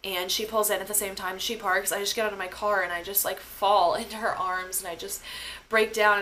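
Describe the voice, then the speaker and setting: A woman's voice: mid-range voice, fairly even intonation, a little fast, sharp tone, a little hiss or hum. Chatty young woman telling a personal story. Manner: casual, emotional, heavy use of "like" and swearing. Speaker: podcast host.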